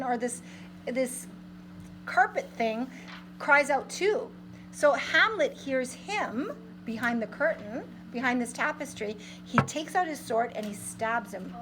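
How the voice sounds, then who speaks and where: A woman's voice: fairly high pitch, sharp tone, slight background noise, low-quality recording. A woman English teacher giving a literature lesson, reading lines aloud and explaining them in plain modern paraphrase.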